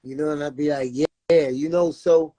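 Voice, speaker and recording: A man's voice: fairly high pitch, steady tone, normal speed, dark tone, dry recording. Guy talking about his son in an interview, earnest, keeps saying you know what i'm saying, dry sound. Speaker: guest, father of a jailed son. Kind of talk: emotional interview talk.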